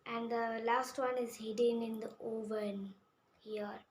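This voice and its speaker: A woman from India, retelling a picture book in a halting way and repeating words. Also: on the high side, level tone. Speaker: storyteller. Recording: echoey room with faint hum.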